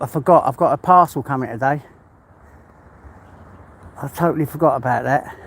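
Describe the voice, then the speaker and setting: Chatty English man walking outdoors. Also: fairly high pitch. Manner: chatty, rambling, talks to his dog. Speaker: vlogger walking his dog. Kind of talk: casual vlog chat. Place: outdoors in the countryside by a river. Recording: clear outdoor background noise.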